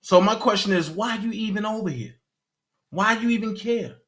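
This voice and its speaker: Guy questioning stuff emphatically in casual commentary, high bright voice. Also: normal speed.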